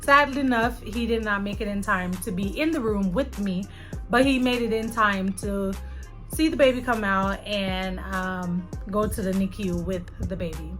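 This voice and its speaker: A young adult woman vlogger telling a personal story to her viewers in an animated, chatty way. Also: medium pitch, moderate pace, faint music behind. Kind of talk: casual storytelling to camera.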